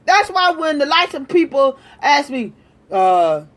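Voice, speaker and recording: A woman's voice: sits high, sing-song, measured pace. A woman delivering a heated, profane political rant, repeating her points with emphasis. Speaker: political commentator.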